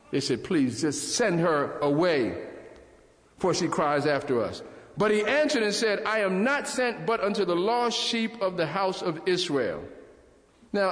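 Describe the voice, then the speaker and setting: A man preaching a sermon in a church, animated and calling out to the congregation. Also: fairly high pitch. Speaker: pastor. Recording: echoey church hall.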